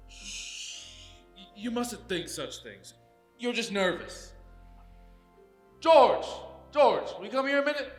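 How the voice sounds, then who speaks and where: A teenage boy playing a calm father soothing his daughter in a high school stage play. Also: slow, pauses often, soft background music, exaggerated voice. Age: teens. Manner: soothing, reassuring. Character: steady father of the bride. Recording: echoey auditorium stage.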